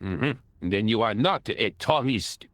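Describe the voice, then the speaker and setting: An actor playing a boastful elderly French ex-soldier with a French accent, in video game voice acting. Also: male voice, fairly low pitch, expressive, takes it slowly, fairly bright tone, dry recording, studio quality. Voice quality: pompous, theatrical chuckling.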